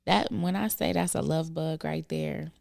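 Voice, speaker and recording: Middle-aged woman, podcast co-host, low and gravelly, earnest and thoughtful, dry close mic. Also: steady tone, normal speed, dry recording. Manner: thoughtful, earnest, speaks softly at times. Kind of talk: reflective casual conversation.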